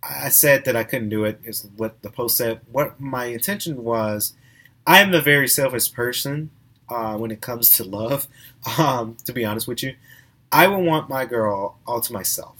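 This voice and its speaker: Young guy podcast host, chatty and animated, a bit husky, bright tone. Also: mid-range voice, normal speed. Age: young adult. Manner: animated, laughs while telling stories, many restarts. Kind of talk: casual storytelling monologue.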